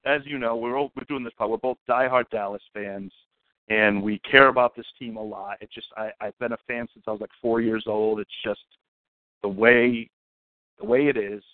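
A man's voice: fairly low pitch, fairly even intonation, moderate pace, no echo. A man co-hosting a casual sports podcast, earnest and self-deprecating, stammering as he starts his thoughts. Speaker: podcast co-host. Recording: dry, phone-like lo-fi audio.

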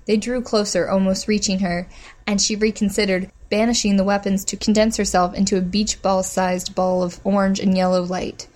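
Woman narrating a story, measured and steady. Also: medium pitch. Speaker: audiobook narrator. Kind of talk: scripted narration.

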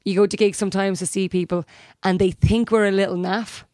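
Irish female co-host, mid-pitched, anecdotal, dry studio sound. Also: fairly even intonation, a little fast, a little mellow, no echo. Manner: chatty anecdotal storytelling, acts out other people's lines. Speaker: podcast co-host and DJ. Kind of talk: casual chat.

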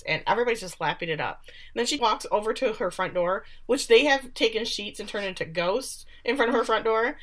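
A woman's voice: fairly high pitch, animated, a little fast, fairly bright tone. A woman casually recapping a TV episode. She talks loosely, swears freely and briefly mimics characters when quoting them.

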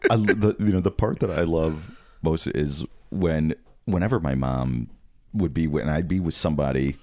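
A man's voice: rumbling low, normal speed, dark tone. A man co-hosting a casual chat, telling rambling stories with frequent chuckles. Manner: rambling storyteller, chuckles often. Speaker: podcast co-host.

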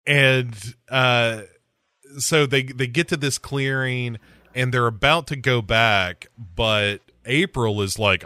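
A man hosting a podcast, casually retelling a horror movie's plot with jokes and quick put-on voices. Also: medium pitch, smooth, dry recording, clean studio sound. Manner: jokey, animated plot retelling with quoted voices. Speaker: podcast host.

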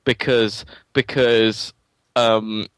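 A man's voice: lowish voice, little pitch movement, very slow, clear, resonant tone, no room sound. A man from England with an English accent drifting toward American, a guest chatting casually and stumbling over his words in self-deprecating asides. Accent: English, softened toward American. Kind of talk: casual interview chat.

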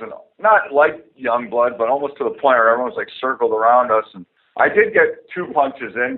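Profane man telling a story over a tinny line. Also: mid-range voice. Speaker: guest, former hockey player. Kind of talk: storytelling anecdote. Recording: phone-like narrow band.

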